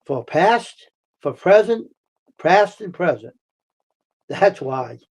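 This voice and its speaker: An American man hosts a casual live stream and chats directly with viewers who type in. His voice sits a touch high for a man. He circles back over the same words, turns heated, then eases people down with reassurance. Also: very animated, takes it slowly. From United States. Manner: talks back to chat, repeats himself, heated then soothing.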